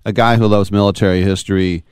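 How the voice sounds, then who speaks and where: A man's voice: fairly low pitch, steady tone, fast, a little mellow, clean tone, dry recording, clean studio sound. A man hosting a radio interview, asking enthusiastic, admiring questions. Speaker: radio show host.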